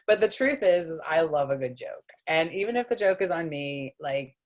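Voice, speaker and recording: A woman hosting a casual chat, telling a story with lively, acted-out quotes and many "like"s, over a video call. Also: low voice, normal speed. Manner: animated, acts out quotes with lots of "like". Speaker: host.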